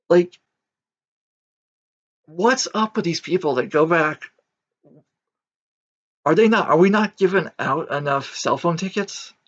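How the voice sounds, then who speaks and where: A Christian vlogger with a gravelly, mid-range, fairly bright voice talks casually and reflectively, rambling bluntly with many fillers and restarts. The recording is dull and lo-fi.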